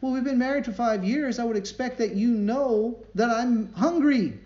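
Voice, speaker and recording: A man's voice: extremely high pitch, moderate pace, mellow, voice pushed up. A man voicing a whiny, demanding husband. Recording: roomy, slightly dull recording.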